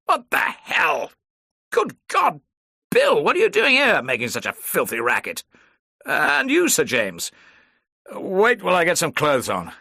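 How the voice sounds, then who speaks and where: A man's voice: a little high, huge pitch swings, unhurried, vocal fry, no room sound, studio quality, pitched above the performer's own voice, heavily acted. A man voicing a weary, retired male secret agent who speaks curtly and sharply. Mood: startled. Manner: curt and sharp.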